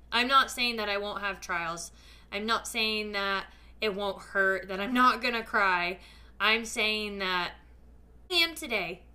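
A woman's voice: mid-range voice, pushed and bright. A woman hosting a podcast, speaking to listeners in a casual, emphatic and earnest faith-based motivational talk. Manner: casual, with frequent fillers. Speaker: podcast host.

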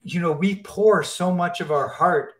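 Excitable man with a raised voice. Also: high voice, a little slow. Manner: enthusiastic, animated, repeats words and restarts. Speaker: animation guest. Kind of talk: casual interview talk.

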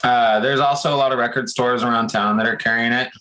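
A man, a band member guesting on a show, telling an excited, rambling story with many fillers. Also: mid-range voice, quick pace, rough recording. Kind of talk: casual interview chat, storytelling.

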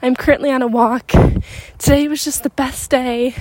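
A young woman hosting a podcast, chatting excitedly while out on a walk, a little out of breath. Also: high voice, moderate pace, dry recording. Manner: bubbly, rambling, excitable. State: slightly out of breath. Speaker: podcast host. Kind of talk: casual chat. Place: outdoors on a walk in a neighborhood, windy.

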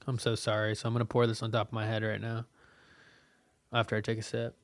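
A man's voice: on the low side, monotone, quick pace, no room sound. Profane rambling young man podcaster. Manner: rambling and profane, frequent fillers; frustrated venting. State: cold and soaked. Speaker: podcast host. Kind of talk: casual solo podcast monologue.

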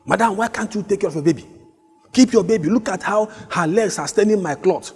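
Brief: a male preacher doing a shrill, scolding young woman, husky, in a reverberant hall. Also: fairly quick, darkish tone, soft background music. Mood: angry scolding. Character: indignant young woman scolding a mother on a bus.

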